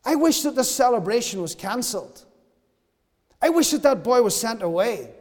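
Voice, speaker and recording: A man preaching to a church service, his voice sitting high and full of feeling. He slips into the voices of the people in his story as he goes. The sound hangs in a long hall reverb. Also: sing-song, normal speed. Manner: impassioned, acts out voices of the brother and father. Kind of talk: sermon.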